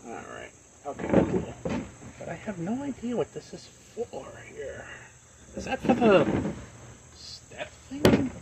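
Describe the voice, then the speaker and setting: A man's voice: sits high, huge pitch swings, slow, vocal fry, long pauses, heavy background noise. A man chatting casually on a live stream, rambling and earnest, with plenty of fillers.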